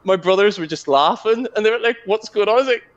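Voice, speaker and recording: A man's voice: high-pitched, a little fast, lo-fi sound. A young man co-hosting a casual podcast chat, telling a story with energy, swearing and laughing often. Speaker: podcast co-host.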